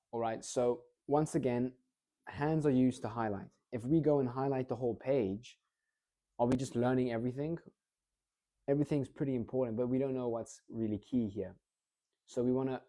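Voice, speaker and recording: A man coaching public speaking in a casual, energetic way, often checking in with the listener. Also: medium pitch. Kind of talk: casual instructional talk.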